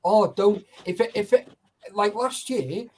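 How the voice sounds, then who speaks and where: A man telling a story in casual chat, animated and full of swearing. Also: high voice, unhurried. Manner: animated, heavy swearing, acts out quotes. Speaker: urban explorer telling a story.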